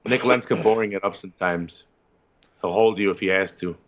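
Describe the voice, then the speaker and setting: A man co-hosting a casual fight-sports podcast, talking excitedly and swearing casually. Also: deep voice, fairly quick. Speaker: podcast co-host. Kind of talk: casual chat. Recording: slightly dull lo-fi sound.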